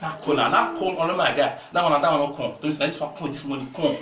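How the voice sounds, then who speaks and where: A man's voice: on the high side, fast, music in the background. A young man with a Nigerian Pidgin accent, telling his story in a street interview, rambling and repeating himself, often dropping to a mumble. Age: young adult. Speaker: interviewee recounting an ordeal. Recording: echoey, distant mic, loud crowd.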